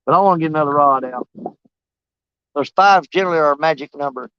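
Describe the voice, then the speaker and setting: A man with a drawl talks in a high, light voice, rambling and cracking jokes at his own expense as he fishes outdoors. The sound is dry and a little dull. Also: quick pace, pauses often, fairly bright tone, smooth, no echo. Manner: rambling, joking, self-mocking. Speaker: fishing channel host. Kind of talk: casual outdoor vlog talk. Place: outdoors while fishing.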